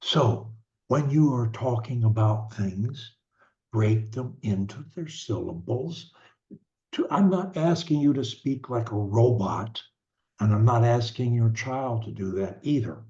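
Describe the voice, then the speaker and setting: An older man coaching parents on speech, talking in a slow, deliberate way with halting restarts. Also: medium pitch, expressive, dark tone. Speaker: stuttering coach. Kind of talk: advice talk to parents. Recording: dull lo-fi sound.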